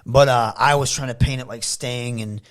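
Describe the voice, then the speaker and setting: A man from Michigan, a wrestler guest telling animated stories in a casual interview, often slipping into loud impressions. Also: medium pitch, moderate pace. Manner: animated storyteller who slips into loud impressions.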